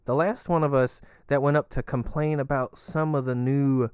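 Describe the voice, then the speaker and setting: A man's voice: steady tone, normal speed, a little mellow, smooth, no echo, studio quality, lightly acted. A man playing a rambling, easygoing male resident living inside a giant creature, chatty and crude. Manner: chatty, crude, swinging pitch.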